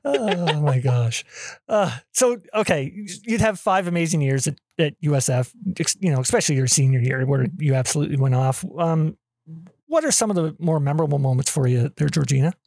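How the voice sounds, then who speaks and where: An excitable podcast host runs a casual interview, rambling and exclaiming. The voice is husky and swoops widely in pitch. It sounds dry and close, with no room around it. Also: brisk, no echo.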